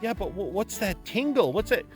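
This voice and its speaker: A man doing a wide-eyed young tourist, high and amazed. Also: sing-song, moderate pace, soft background music. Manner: wondering, breathless exclamations. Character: young man amazed by his first snow.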